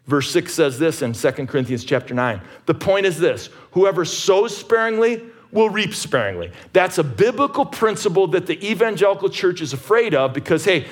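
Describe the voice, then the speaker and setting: A man's voice: sits high, very animated, moderate pace, few pauses, a bit bright. A middle-aged man preaching a sermon as pastor, emphatic and conversational, often repeating words as he restarts.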